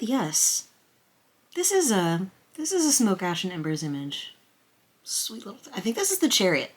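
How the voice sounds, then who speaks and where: A woman unboxing a tarot deck on camera at her table, excited, flustered and emotional, rambling with restarts. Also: medium pitch, normal speed, long pauses, husky. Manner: emotional, close to tears. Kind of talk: casual chatty unboxing. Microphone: camera on a stand at a table.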